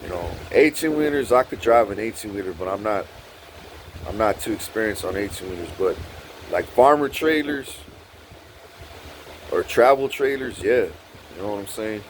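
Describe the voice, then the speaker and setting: In a low-quality recording with slight hiss or hum, a man recounts a story casually and profanely at a moderate pace, leaving long pauses. He's animated, keeps saying "dog" and "bro," and his voice leaps up when he gets worked up.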